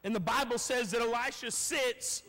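A male pastor preaching a lively sermon in a church, telling a story in casual slang and swinging between shouts and quiet asides. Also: very high voice, moderate pace. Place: church sanctuary. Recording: long reverb of a church hall.

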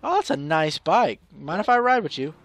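A man's voice: a little high, sing-song, normal speed. A young man casually commenting on a multiplayer game with friends, joking and crude. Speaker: gaming channel host.

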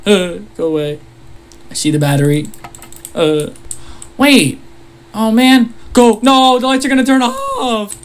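Gamer, horror let's-play, very animated delivery, slow pace, nervously laughing and easily startled. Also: medium pitch, slight background noise. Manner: jumpy, laughs nervously, frequent startled exclamations. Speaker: gamer playing a horror game.

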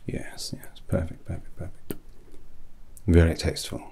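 A man voicing an eccentric, rambling British hat maker with a British accent in whispered role-play, soft and breathy, pompous and full of puns. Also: deep voice, takes it slowly, a little hiss or hum, full character voice. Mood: fussy. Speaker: milliner.

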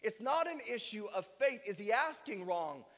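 A man's voice: high-pitched, sing-song, moderate pace, a bit bright, big-room sound. A male pastor preaching a sermon with emphatic delivery and strings of rhetorical questions. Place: church sanctuary.

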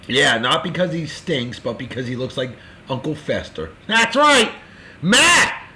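A man hosting a casual show, giving boisterous, jokey birthday shout-outs in a folksy way. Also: a little high, sing-song, unhurried. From California. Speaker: show host.

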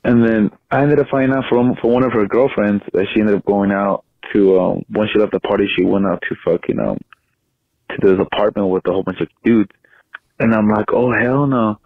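A young man tells a crude, boastful story in a fairly low voice, swearing freely. It sounds like a phone voicemail: narrow, tinny, and completely dry. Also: fairly even intonation, brisk, dry recording. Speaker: caller.

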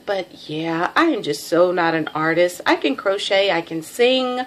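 A middle-aged woman with a Texan drawl casually shows off a craft package, chatty and self-deprecating with lots of ums. Her voice is mid-range and fairly bright.

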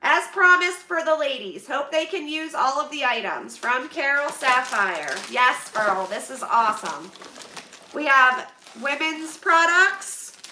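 This Pennsylvania vlogger, in her thirties, opens donation boxes on a livestream and chats in a bubbly, exclamation-filled way. Her voice is high, bright and forceful with lively intonation at a measured pace, captured from a distance in an echoey room with background noise.

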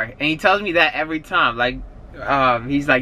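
A young man talking in a casual vlog, slangy and rambling, often getting animated. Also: fairly high pitch, moderate pace, a little hiss or hum. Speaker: YouTuber. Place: car at a drive-thru, then indoors at home.

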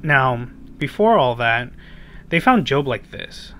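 A man's voice: medium pitch, very animated, takes it slowly, pushed and bright. A man gives a children's sermon in a mid-range voice. He retells the story in a loose, chatty way, full of fillers. He often checks in with his young listeners through rhetorical questions. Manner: casual retelling with many fillers. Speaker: children's ministry preacher.

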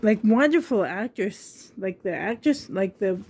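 Middle-aged woman, slow-paced, chatty and rambling, casual vlog. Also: medium pitch, lively intonation, darkish tone, husky. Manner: rambling, chatty, laughs often. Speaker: vlogger. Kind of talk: casual chat to camera.

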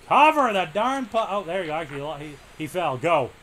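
A young man giving casual play-by-play commentary on a hockey video game, muttering between plays and yelling when the action heats up. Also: a little high, sing-song, a little fast, slight background noise. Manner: swings from muttering to shouting at big plays. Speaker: let's play host.

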